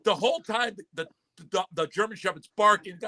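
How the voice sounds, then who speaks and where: Animated bright-voiced male storyteller. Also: sits high, fast talker. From Connecticut. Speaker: podcast host. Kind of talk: casual storytelling chat.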